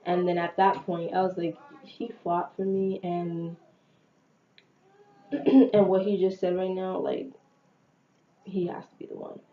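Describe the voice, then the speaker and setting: A young woman casually retelling a personal story to her viewers, chatty and animated, with slang and quoted dialogue. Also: lowish voice, unhurried, pauses often. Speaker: vlogger telling a story. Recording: echoey, dull lo-fi room with faint noise.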